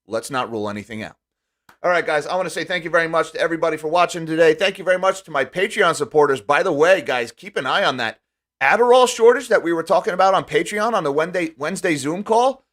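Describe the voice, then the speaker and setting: A man with a slightly high voice runs through the day's headlines as a finance channel host. He reads each headline, then cuts in with sarcastic asides and speaks directly to his audience. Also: fairly bright tone. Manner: sarcastic, talks directly to viewers. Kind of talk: news commentary reading headlines.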